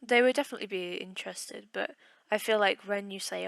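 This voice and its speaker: A woman's voice: mid-range voice, brisk, creaky, fairly bright tone, dry recording. A woman from the UK, a podcast guest chatting casually and peppering her talk with "like". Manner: chatty, full of "like" fillers. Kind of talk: casual chat.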